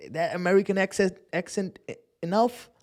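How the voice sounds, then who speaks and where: A man's voice: sits high, a little mellow. A man giving casual live commentary on a day-trading stream, swearing, using slang and laughing often as he talks through charts.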